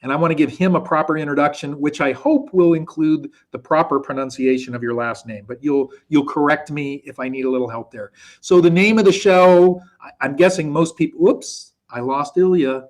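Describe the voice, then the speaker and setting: A man's voice: fairly high pitch, normal speed. A man hosting a live online show, chatty and thinking aloud while he handles technical hiccups. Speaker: show host. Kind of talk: casual live-stream hosting. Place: Poland. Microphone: video call.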